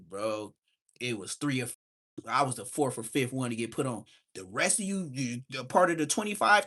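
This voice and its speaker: A man hosting a livestream, telling street stories casually and acting out the voices of people in them. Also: medium pitch. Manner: animated street storytelling, acts out quoted voices. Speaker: livestream host. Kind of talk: casual storytelling.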